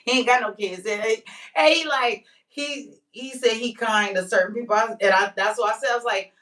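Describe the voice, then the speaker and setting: A woman speaks in a casual personal monologue, candid and emphatic, with plenty of slang. She slows down to drive home her points. Her voice sits a bit back from the microphone, with a touch of distance. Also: a little high, pushed and bright. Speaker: vlogger.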